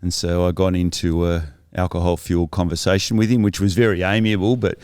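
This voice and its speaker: A man's voice: low-pitched, little pitch movement, brisk, a little mellow, clear, resonant tone, dry recording, clean studio sound. A man as a podcast guest, earnestly telling his life story in a thoughtful, reflective way that is often self-correcting.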